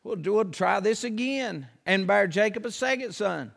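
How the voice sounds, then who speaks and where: A man preaching a folksy, emphatic sermon that rises to shouts. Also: sits high, lively intonation, moderate pace, gravelly, big-room sound.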